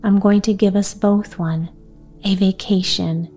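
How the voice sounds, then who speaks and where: A woman voicing a wealthy father who speaks gravely and decisively in a bedtime storybook. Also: mid-range voice, fairly even intonation, unhurried, dark tone, faint music behind, close to an everyday voice.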